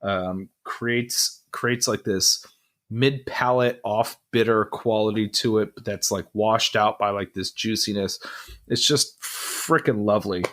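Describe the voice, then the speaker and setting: A man's voice: lowish voice, takes it slowly. A young man co-hosting a podcast, chatting casually and rambling with plenty of fillers. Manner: relaxed, rambling, lots of fillers. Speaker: podcast co-host. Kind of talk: casual chat.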